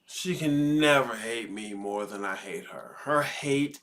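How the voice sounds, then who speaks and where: Slow, deliberate man giving commentary. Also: mid-range voice, expressive. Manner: slow, deliberate, sighing pauses. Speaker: host commenting on a podcast clip. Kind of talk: reflective commentary.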